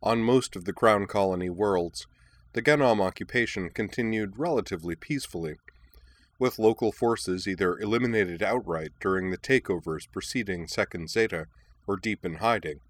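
Deep-voiced man narrating a war story. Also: dry recording.

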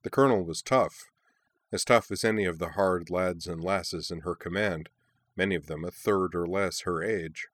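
A man narrates a story in a measured, even way. His voice is very deep, and the recording is dry and close with no room sound. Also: no echo.

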